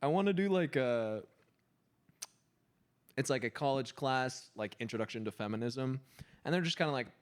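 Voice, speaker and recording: A man hosting a comedy podcast, pitching sketch ideas in casual chat and laughing often. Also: expressive, normal speed, long pauses. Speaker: podcast host.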